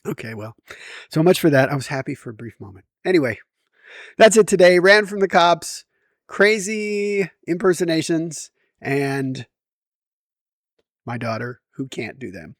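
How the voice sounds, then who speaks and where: A man's voice: fairly high pitch, lively intonation, unhurried, dry recording, studio quality. Rambling, self-mocking man vlogging. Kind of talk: rambling casual vlog.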